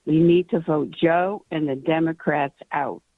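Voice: medium pitch, steady tone, unhurried, vocal fry, no echo. A caller leaving an indignant, rallying phone message for a radio show. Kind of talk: recorded phone rant. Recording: dry tinny phone line.

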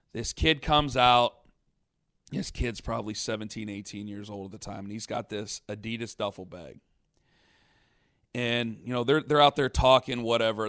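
A man casually telling a long story on a podcast, rambling and animated, with many restarts. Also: mid-range voice, clear, resonant tone. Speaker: podcast host.

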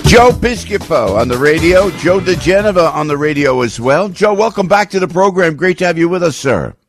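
Excitable New Jersey radio host. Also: male voice, fairly quick, soft background music. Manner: animated, excitable, jokey pitchman. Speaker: radio talk show host. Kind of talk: casual radio chat and live ad read. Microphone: studio broadcast mic.

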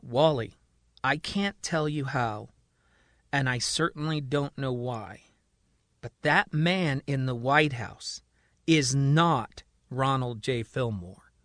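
A man's voice: mid-range voice, slow pace, fairly bright tone, dry recording. A man doing an earnest, pleading patient. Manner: pleading, insistent. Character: man believing he is the president, earnest.

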